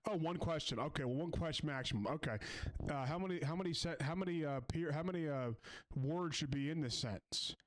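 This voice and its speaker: A man's voice: on the high side, brisk. Sarcastic man ranting over a clip. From Philadelphia area. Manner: sarcastic, mocking rant. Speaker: reaction video host. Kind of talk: reaction commentary.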